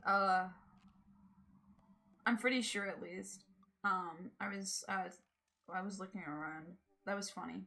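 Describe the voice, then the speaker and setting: A woman's voice: medium pitch, steady tone, a little slow, gravelly, long pauses, bright, forceful tone. A woman streamer chatting casually during a game, chatty and laughing, swearing freely. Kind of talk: casual gaming livestream chat.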